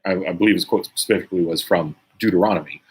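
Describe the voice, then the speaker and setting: A man's voice: low voice, very fast, slightly rough. A man leading a casual Bible study, reading scripture aloud and commenting conversationally with frequent "right?" tags. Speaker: Bible teacher.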